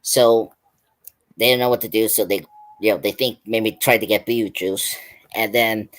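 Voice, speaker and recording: A man's voice: fairly low pitch, steady tone, moderate pace, a bit bright. A man hosting a pop culture stream, retelling a film's scenes in a loose, rambling way with lots of "like" and restarts. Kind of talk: casual film review chat.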